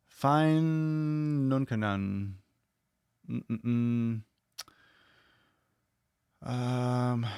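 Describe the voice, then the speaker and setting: A man's voice: medium pitch, vocal fry, darkish tone, no echo. A man hosting a podcast, chatting casually and bluntly, swearing freely as he reads viewer comments aloud and reacts to them. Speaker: podcast host.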